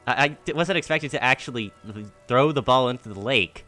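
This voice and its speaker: A man's voice: medium pitch, brisk, few pauses, sharp tone, faint music behind. A male streamer chatting casually and joking while reading game text aloud. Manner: jokey, laughs easily, wry.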